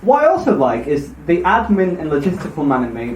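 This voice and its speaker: Guy hosting a live podcast, high lively voice bouncing all over, rambly jokey asides, echoey room. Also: a little hiss or hum. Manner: rambling, self-mocking, quick asides. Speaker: podcast host. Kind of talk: live podcast retelling of a myth. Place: live event room with audience.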